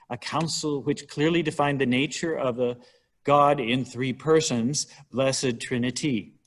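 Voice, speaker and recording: Brief: middle-aged man, church talk on hymns, chatty, wry asides, mid pitch. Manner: chatty and wry, counting syllables aloud with rising pitch. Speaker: church musician giving a talk on hymnals. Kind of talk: informal church lecture.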